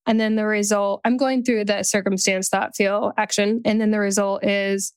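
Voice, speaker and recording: Woman venting, smooth dry voice. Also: mid-range voice, flat delivery, moderate pace, dry recording. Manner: candid, venting, says "like" often. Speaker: podcast listener being coached. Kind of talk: casual coaching conversation.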